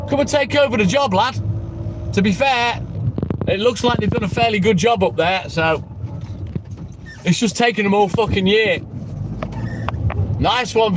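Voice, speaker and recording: Unhurried, sweary man on a livestream. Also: very high voice, noisy background. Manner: sweary, joking banter. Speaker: livestream host. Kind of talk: casual live-stream chat.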